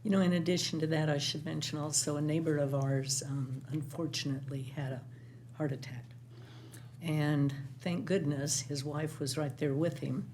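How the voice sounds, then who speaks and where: A council member chimes in with conversational remarks in a fairly flat tone. Faint background noise runs under the voice. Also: medium pitch, moderate pace.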